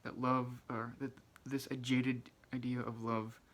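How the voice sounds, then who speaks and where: A soft-spoken man with a mid-range voice reads out favourite quotes from books and talks about why they matter to him. He is shy and hesitant, often stopping to restart a phrase and filling gaps with ums and uhs. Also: mid-range voice, flat delivery, measured pace. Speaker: book channel host. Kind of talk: reading quotes aloud and commenting.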